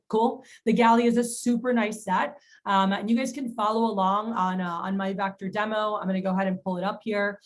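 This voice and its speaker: A woman's voice: medium pitch, poor audio. A woman giving a sales training talk in a chatty storytelling manner, retelling phone calls with quoted lines. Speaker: sales manager.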